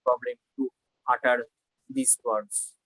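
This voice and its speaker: A woman's voice: extremely low pitch, flat delivery, slow, a bit bright, no room sound, low-quality recording. A young woman with a Bengali accent, a native Bengali speaker learning English, talking hesitantly and repeating words on a video call. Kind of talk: online lesson conversation.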